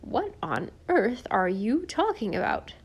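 A woman voicing a stern, fussy older housekeeper in an audiobook, speaking in a deliberate, scolding way. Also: medium pitch, gravelly, a little mellow. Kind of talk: audiobook character voice.

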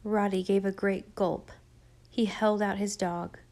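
A woman narrating a children's story in a gentle, even storytelling voice. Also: mid-range voice, a little slow. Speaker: audiobook narrator.

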